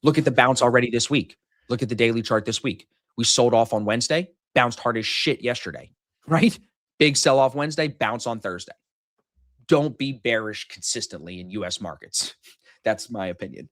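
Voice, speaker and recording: A man's voice: mid-range voice, moderate pace, a bit bright, no echo, clean studio sound. A man in his thirties hosting a live trading stream, brash and joking, swearing freely in casual chat.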